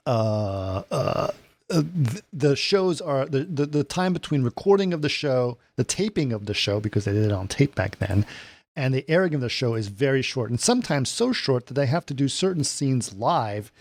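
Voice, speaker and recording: A man's voice: mid-range voice, big pitch swings, normal speed, no echo. A man co-hosting a casual film podcast, recapping the plot step by step and often agreeing with his partner. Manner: plot recaps with fillers and restarts, frequent agreeing "right". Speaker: podcast co-host.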